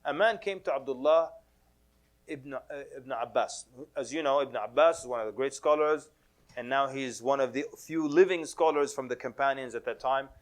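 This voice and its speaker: A man's voice: mid-range voice, moderate pace. A man giving a casual sermon to a mosque audience, telling stories with humor, acting out quoted voices and mixing in Arabic religious phrases. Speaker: Islamic preacher.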